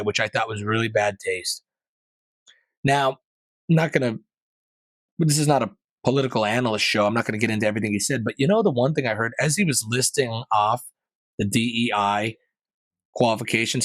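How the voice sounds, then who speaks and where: A man hosts his own podcast and chats casually through the news, often rambling and tossing in asides. His voice sits at a middle pitch. The sound is dry and close, with no room echo. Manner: rambling, conversational, with frequent fillers and asides. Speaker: podcast host. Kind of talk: casual solo commentary.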